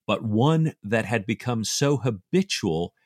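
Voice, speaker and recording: A man with a fairly low voice co-hosts a book podcast, musing on scenes that move him. He talks reflectively, restarting his sentences, and the sound is close and dry. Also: animated, dry recording. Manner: reflective, emotional, with halting restarts. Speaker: podcast co-host.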